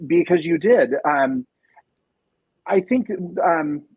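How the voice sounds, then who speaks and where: A man with a slightly high, husky voice talks as a podcast guest. He is thoughtful, leaning on fillers and restarting his sentences. The recording is dull and lo-fi, with a dry, close sound. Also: lively intonation, slow, no room sound. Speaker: podcast guest, nonprofit operations director. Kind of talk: casual interview conversation.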